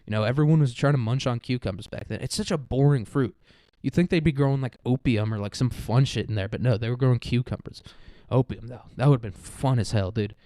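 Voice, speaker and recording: A man's voice: medium pitch, quick pace, mellow, no echo. A man rambling through a crude, profane comedic monologue, full of "like" and "dude". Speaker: podcast host.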